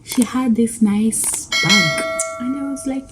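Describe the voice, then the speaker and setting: A woman's voice: on the high side, expressive, slow pace, heavy background noise. A woman from Kenya with a Kenyan accent, talking casually to camera as a vlogger, chatty with fillers and restarts. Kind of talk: casual explanatory talk to camera.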